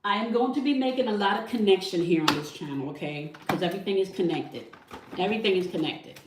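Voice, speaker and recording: A woman's voice: medium pitch, fast, noisy background. Woman host ending every phrase with "okay?". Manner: repeats "okay?" after nearly every phrase. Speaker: tarot channel host. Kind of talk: spiritual teaching monologue. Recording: echoey room, somewhat far from mic.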